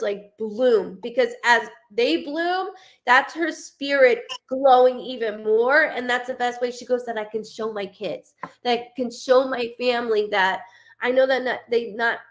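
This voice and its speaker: A middle-aged woman working as a medium on a live show. Her voice sits a little high for a woman, and she talks in a chatty, rambling way, breaking into quick asides and voicing the spirit's words in the first person. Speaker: psychic medium.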